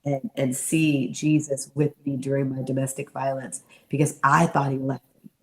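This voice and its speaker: A middle-aged woman with a low voice and a gravelly edge, a guest in an interview. She tells her story in an animated way and acts out the voices of the people she quotes. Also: moderate pace.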